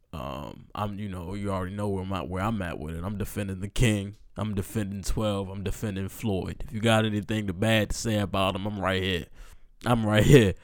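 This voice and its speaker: A man's voice: lowish voice, no echo, studio quality. A man in his twenties telling a personal story in a casual, rambling way, full of slang and fillers, earnest and emotional. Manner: earnest, emotional recounting with restarts.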